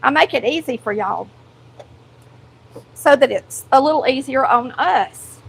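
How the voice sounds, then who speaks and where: This country Southern cooking show host chats folksily with viewers while cooking at home in her kitchen. Her high-pitched voice is animated, gravelly and slightly rough, she talks a little slowly, and the recording is low quality.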